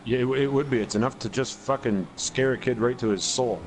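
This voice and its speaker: A man in his forties co-hosts a gaming podcast, talking fairly quickly in a medium-pitched voice. He tells long stories as a profane, rambling storyteller, with constant swearing and many restarts during the casual chat. The audio is poor, with a little hiss or hum.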